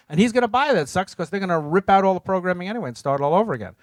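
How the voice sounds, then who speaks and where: A man's voice: sits high, expressive, racing, few pauses, no echo. A middle-aged man co-presenting a seminar, giving blunt, joking advice and acting out little scenes in put-on voices.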